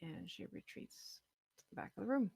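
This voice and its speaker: A woman running a tabletop game as game master, amused and quick to laugh at the dice. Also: medium pitch, wildly swooping pitch, gravelly, darkish tone, breathy edge, no room sound, studio quality.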